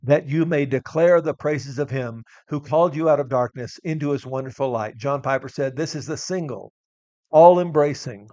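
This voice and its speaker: A man's voice: mid-range voice, dry recording. A man preaching a sermon as pastor, earnest and building to emphatic declarations, often restarting his words.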